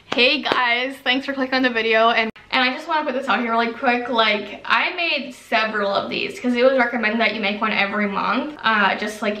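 A woman's voice: a little high, sharp tone, roomy sound, distant mic, low-quality recording. A young woman vlogger chatting casually and rambling, with lots of "like", as she reflects on her past as a fitness coach. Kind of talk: casual get-to-know-me chat.

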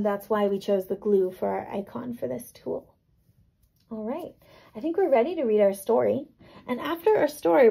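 A woman teacher reading a picture book to children, gently explaining and checking in with little questions. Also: on the high side, gravelly, breathy edge, poor audio. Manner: gentle, checks in with "right?" and "okay?".

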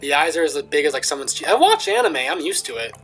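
A man's voice: a little high, huge pitch swings, fast, vocal fry, fairly bright tone, faint music behind. A man in casual game commentary, reading dialogue aloud and adding chatty, self-deprecating asides. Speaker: let's play streamer.

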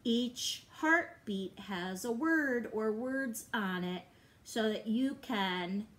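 A woman's voice: fairly high pitch, lively intonation, drawn-out words. A woman teaching a music lesson to young children online, encouraging and patient, often chanting and singing syllables.

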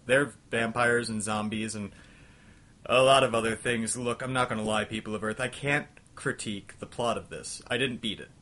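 A young man with a mid-range voice hosts a comedic retro game review show. He rants in an exasperated, scattershot way, then talks himself back down to calm.

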